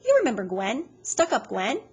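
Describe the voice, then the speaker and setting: A woman reading aloud, voicing a loud, mocking woman who giggles and taunts. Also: a little high, huge pitch swings, moderate pace, husky, voice pushed up, exaggerated voice. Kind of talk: read-aloud storytelling.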